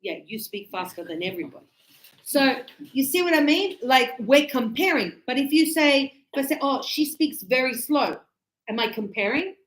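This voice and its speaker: A woman English teacher giving a classroom grammar lesson, talking slowly and deliberately and stretching out key words. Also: sits high, animated, fairly bright tone. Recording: echoey classroom.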